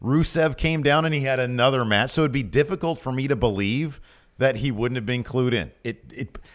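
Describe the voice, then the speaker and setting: A man co-hosting a podcast, chatting casually about wrestling and jumping up high when he quotes people. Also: a little fast. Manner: animated, jumps up in pitch when quoting people. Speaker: podcast co-host. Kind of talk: casual wrestling recap chat.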